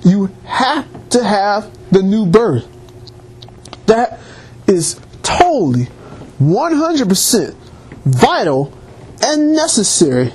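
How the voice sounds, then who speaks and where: A man's voice: sits high, slow, slightly rough. A man preaching a sermon with emphatic rises and restarts. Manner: animated preaching, rising emphatic peaks.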